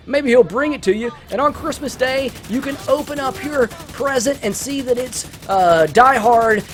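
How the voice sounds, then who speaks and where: A man's voice: sits high, slight background noise. A man hosting a let's-play, chatting casually through a movie review in a rambling way with many restarts.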